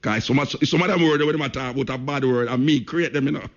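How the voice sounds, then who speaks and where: A man's voice: medium pitch, fast. A Jamaican man hosting a radio talk show, speaking patois and hammering his points home by repeating himself. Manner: emphatic, repeats phrases for stress, speaks patois. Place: radio studio. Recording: lo-fi radio broadcast.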